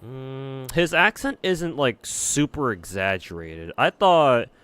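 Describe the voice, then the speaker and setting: A man's voice: mid-range voice, animated, slow, a bit bright, clear, resonant tone. A man streaming a game, rambling casually and swearing freely as he reacts. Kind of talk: casual gameplay commentary.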